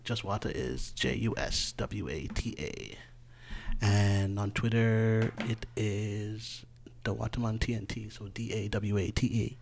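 A man talking casually as a guest on a podcast, soft-spoken and trailing off quietly. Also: fairly low pitch, unhurried, creaky, slight background noise. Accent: Trinidadian. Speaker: guest musician.

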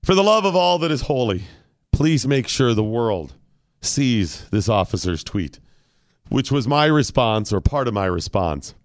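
A man's voice: mid-range voice, very animated, a little slow. A man hosting a talk radio show, chatting casually in a mock-solemn, theatrical way that builds to bursts.

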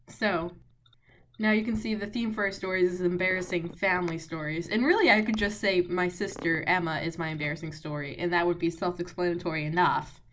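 A woman's voice: lowish voice, fairly even intonation, fairly quick, fairly bright tone, slight background noise. A woman hosting a podcast over a call, sarcastic and exasperated in casual chat. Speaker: podcast host.

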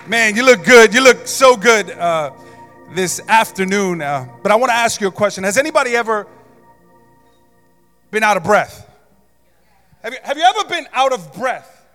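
A man preaching a sermon as pastor, telling a comic story with loud shouts and mock gasping. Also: high-pitched, sing-song, normal speed, pauses often, soft background music. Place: church sanctuary. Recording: long hall reverb.

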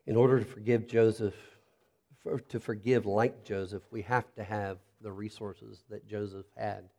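Low mellow-voiced man preaching a sermon. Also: level tone, moderate pace, creaky. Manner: earnest, drops to soft intimate tone when appealing to listeners. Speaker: pastor.

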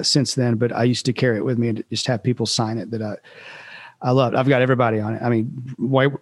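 Man, relaxed storyteller, dry close-miked sound, casual and rambling. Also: medium pitch, dry recording. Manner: laid-back, rambling with restarts and laughs. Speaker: musician guest.

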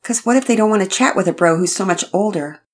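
A woman voicing an excitable, emotional young boy who talks fast and stammers. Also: medium pitch, slightly rough, voice pushed up, natural voice. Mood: eager.

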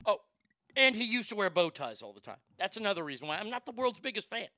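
A man's voice: high-pitched, big pitch swings, quick pace, sharp tone, no echo. A man hosting a talk show in casual chat, blunt and profane, rambling with frequent restarts. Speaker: podcast host.

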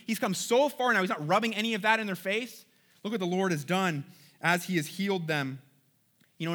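A man's voice: a little high, pushed and bright. A man preaching a sermon, reading scripture aloud and then commenting on it, often checking in with "right?". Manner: conversational preaching with frequent "right?" check-ins. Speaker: pastor.

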